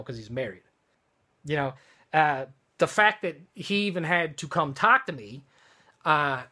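A vlogger who owns a wedding studio rants angrily to camera, swearing heavily, circling back and restarting sentences. The voice is mid-pitched, bright and forceful, recorded in a room at home.

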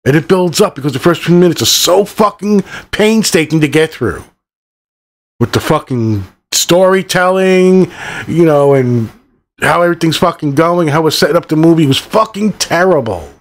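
In a profane review, a middle-aged man reviewing a movie on his channel rants furiously, cursing nonstop and jumping between points. He speaks in a slightly high, animated voice at a moderate pace.

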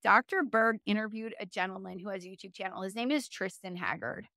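A woman's voice: mid-range voice, fairly quick, pushed and bright, no room sound, clean studio sound. A woman speaking as an interview guest, telling her story in a casual, chatty way, full of fillers and self-corrections and often laughing.

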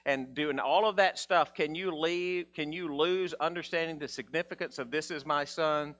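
A man preaching a sermon in a casual, conversational way, acting out Bible figures in a low mumble. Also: a bit bright. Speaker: pastor.

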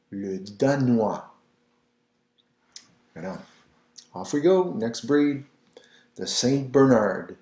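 A man giving a patient, slow pronunciation lesson, saying each word again and again for the listener to repeat. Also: mid-range voice, expressive, a little mellow. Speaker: French language teacher. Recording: roomy echo.

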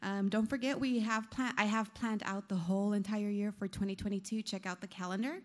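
A woman's voice: medium pitch, steady tone. A woman, chamber of commerce president, giving upbeat closing announcements at a business breakfast, a bit out of breath and full of fillers. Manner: upbeat, many fillers, rushing to wrap up. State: a little out of breath.

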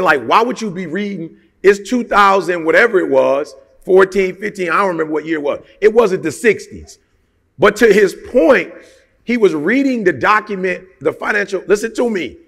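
High gravelly motivational speaker in a hall. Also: male voice, fairly bright tone. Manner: emphatic and colloquial, fires rhetorical questions. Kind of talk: motivational talk.

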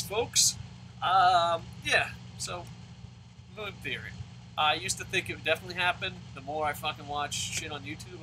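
A man ranting profanely as he plays a baseball video game, with loud outbursts. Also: a little high, expressive, fairly quick, slight background noise, poor audio. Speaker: let's play host. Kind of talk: profane gaming commentary rant.

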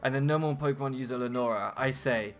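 Brief: stern older villain sage, voiced by a British man, low-key and cold. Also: fast talker, soft background music, lightly acted. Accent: British English.

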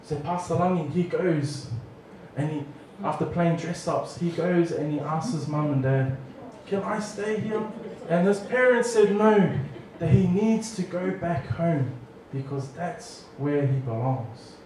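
A man's voice: fairly high pitch, unhurried, a little mellow, a little hiss or hum. A man preaching a humorous, audience-engaging story sermon in a church hall. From New Zealand. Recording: echoey hall from far off.

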